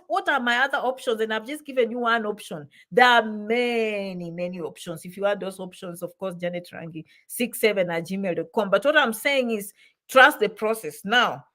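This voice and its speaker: Woman, vlog advice-giver, somewhat high-pitched, emphatic and repetitive, code-switches into Swahili. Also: moderate pace, a bit bright. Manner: emphatic, repeats phrases for stress, mixes in Swahili words. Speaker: immigration advice vlogger. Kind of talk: motivational advice talk.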